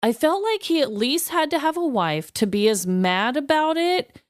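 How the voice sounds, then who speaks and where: A woman co-hosts a podcast in a high voice with big pitch swings, speaking at a normal pace over clean, dry studio sound. She alternates between scripted, pun-heavy narration and casual, giggly chatter.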